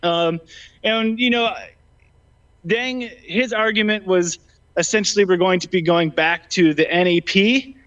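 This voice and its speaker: His high-pitched voice runs a little slow, with a bit of brightness and a clean tone. Slightly out of breath, the debate guest hesitates with many ums and restarts during a casual political exchange, recorded with a dull lo-fi quality.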